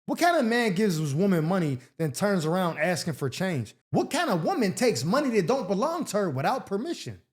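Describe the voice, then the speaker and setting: A man hosting an advice show answers listener letters in a blunt, sarcastic rant. His talk is casual and full of slang and profanity. His voice sits high for a man. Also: very animated, a little fast, few pauses.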